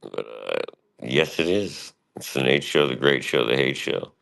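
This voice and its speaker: A man's voice: rumbling low, animated, a little slow, gravelly, a bit bright. A man streaming live, rambling casually and profanely about his past and his show, often quoting himself.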